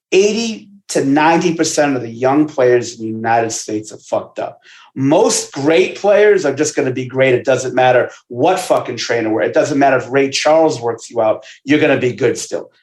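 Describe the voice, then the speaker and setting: A man who works as a basketball trainer, guesting on a casual podcast and telling stories in a profane, animated way. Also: medium pitch, normal speed. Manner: profane, animated storytelling with asides. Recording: roomy echo.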